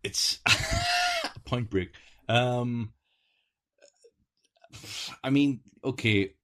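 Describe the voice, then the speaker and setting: A man co-hosting a casual film review podcast, talking in an animated way and laughing easily. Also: medium pitch, extremely slow. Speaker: podcast co-host.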